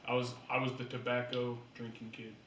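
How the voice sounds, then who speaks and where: A man's voice: medium pitch, monotone, a little fast. A young man co-hosting a podcast, talking bluntly with lots of slang in casual chat. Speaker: podcast co-host. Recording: echoey room, mic far off, faint noise.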